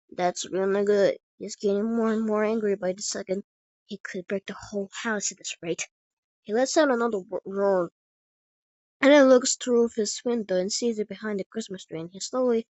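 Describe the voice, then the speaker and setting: A woman's voice: medium pitch, darkish tone, no echo. Woman telling a made-up fan story, trips over words a lot, dull dry audio. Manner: stumbling, frequent restarts. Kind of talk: improvised fan story narration.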